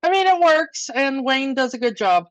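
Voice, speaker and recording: A woman co-hosting a casual fan podcast, giving unhurried, agreeable replies. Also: high voice, expressive, no room sound, highs cut off. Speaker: podcast co-host.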